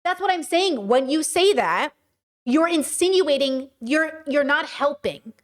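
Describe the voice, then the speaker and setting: A woman's voice: high voice, expressive, measured pace. A woman streaming live commentary, talking passionately and emphatically and answering her chat.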